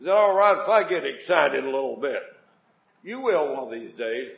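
A man's voice: medium pitch, lively intonation, normal speed, vocal fry, roomy sound, highs cut off. A man preaching a revival sermon in a folksy way, asking the congregation questions and telling homespun jokes.

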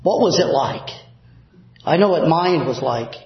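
A male pastor preaching a sermon in a church, emphatic, dropping low and soft for prayers. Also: animated, measured pace. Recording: very echoey, dull church recording.

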